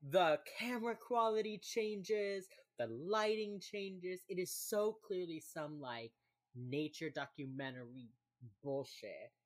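A woman's voice: fairly low pitch, slow pace. A young woman co-hosting a podcast, casually recapping a TV episode, chatty and laughing often as she acts out the characters' lines. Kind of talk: casual chat.

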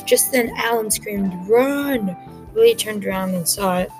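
A woman reads a story aloud in a quick, plain way, moving briskly from line to line. Her voice sits at a middling pitch. Music plays clearly underneath the whole time. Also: fairly even intonation, rough recording. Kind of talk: reading an original story aloud.

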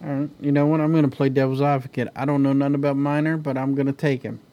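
A man's voice: medium pitch, little pitch movement, fast talker, highs cut off. A man hosting a casual fight-pick chat, laid-back and joking as he runs through the card. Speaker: podcast host.

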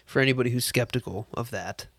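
A man's voice: mid-range voice, fast, a bit bright, breathy edge, no echo. A man co-hosting a casual movie review podcast, easygoing, often trailing off and hedging his points. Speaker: podcast co-host.

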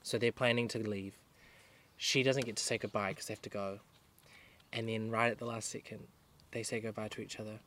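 A man's voice: fairly low pitch, level tone, brisk, long pauses, fairly bright tone, slight background noise. A young man, co-hosting a casual podcast outdoors in a garden and retelling a film plot with lots of fillers. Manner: rambling storyteller, many fillers. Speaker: podcast co-host. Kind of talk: casual chat.

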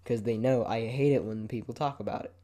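A young man rambles casually on his own solo podcast, laid-back and swearing often, moving his head around the microphone as he talks. His warm, medium-pitched voice stays fairly even and moves at a fairly quick clip.

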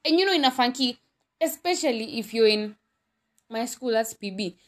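Hosting her own podcast, a young Kenyan-accented woman speaks frankly and loosely, her monologue wandering with fillers and self-corrections. Her voice runs on the high side, animated, at a normal speed.

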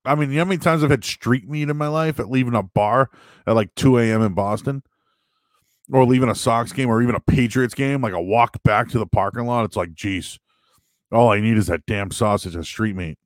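Hosting a live stream, a man with a mid-range voice fields chat questions briskly, with no room sound in the recording. His style is loose and animated, full of jokes, rambling, and frequent restarts.

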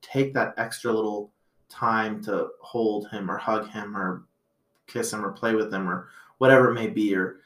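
A man with a fairly low voice hosts a laid-back podcast, thinking out loud in long reflective stretches. He fills his talk with "um" and "you know". The recording has a roomy echo around him. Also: steady tone, moderate pace. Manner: rambling, reflective, many fillers. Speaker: podcast host. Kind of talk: casual podcast chat.

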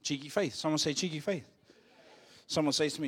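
A man's voice: on the high side, fast, fairly bright tone, breathy edge. A man with a New Zealand accent, a pastor preaching a live church sermon, telling a personal story in a jokey, playful way and getting the congregation to call out phrases. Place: church service.

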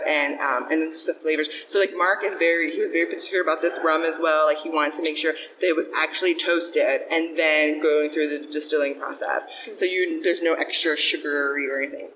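A woman's voice: low voice, fairly bright tone, a little hiss or hum. A young woman representing a distillery in a casual tasting chat, talking in a chatty way with many fillers. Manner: chatty, many fillers and restarts, laughs easily. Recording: distant mic, long hall reverb, faint ambience.

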